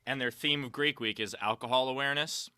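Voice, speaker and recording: A man's voice: medium pitch, fairly even intonation, fast talker, bright, forceful tone, clean tone, dry recording. A man hosting a comedy chat over a video call, telling profane stories and laughing through them. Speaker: podcast host and comedian. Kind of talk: casual chat, storytelling.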